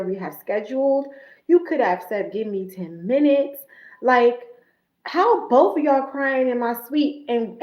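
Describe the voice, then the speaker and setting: A woman, an esthetician, chatting on a casual livestream and telling stories in a blunt, animated way. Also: a little high, roomy sound, highs cut off.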